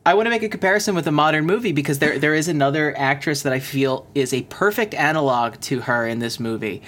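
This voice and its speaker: A man co-hosting a casual podcast chat. He talks in an animated way with a lot of laughter. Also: fast talker. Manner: animated, laughing, breaks into high mock voices. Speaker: podcast co-host.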